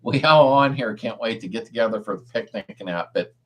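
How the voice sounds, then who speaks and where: A man's voice: on the low side, fairly quick, fairly bright tone. A middle-aged man hosting a casual live-stream chat, reading viewer comments aloud and answering car repair questions in an easygoing way. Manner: laid-back, chuckles often, answers car questions.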